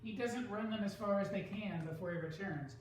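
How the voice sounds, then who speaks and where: Slow careful teacher explaining poetry, sounds far from the mic in a really echoey room. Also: mid-range voice, a little hiss or hum. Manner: slow, deliberate, stresses syllables aloud. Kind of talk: classroom lesson on poetry.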